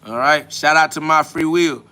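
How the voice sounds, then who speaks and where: Bright-voiced combative man ranting. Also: on the high side, moderate pace, clean tone. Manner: combative, mocking, profane. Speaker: podcast host answering comments. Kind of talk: profane spiritual rant.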